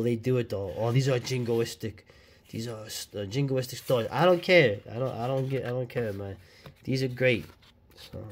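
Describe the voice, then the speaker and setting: A man hosting a casual vlog, reviewing an old comic book with excited, slangy chatter and frequent laughs. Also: mid-range voice.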